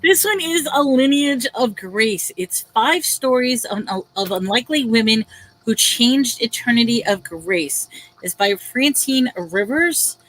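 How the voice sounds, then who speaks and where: A woman's voice: a little high, animated, a little slow, fairly bright tone, low-quality recording. A woman hosting a casual live-stream book sale, chatty, reading back-cover blurbs aloud with drama and laughing often.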